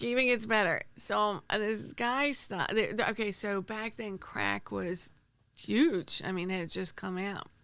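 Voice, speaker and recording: A woman, hosting a true crime podcast and telling stories in an animated, rambling way with many restarts. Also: mid-range voice, clear, resonant tone, no echo. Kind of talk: casual storytelling.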